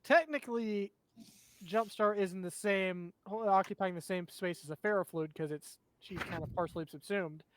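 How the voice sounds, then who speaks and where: A man's voice: high-pitched, moderate pace. A man running a tabletop game as game master, describing the action and explaining the rules to his players.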